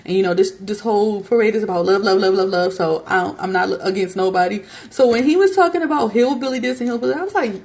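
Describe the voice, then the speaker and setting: A young American woman talking through an unscripted podcast monologue. Her voice carries a gravelly, fry-tinged edge at a middling pitch. She gets animated, laughs as she talks, and leaps into squeaky mock voices to quote others. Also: fast, hardly any pauses. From United States. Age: young adult. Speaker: podcast host. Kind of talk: casual opinion monologue.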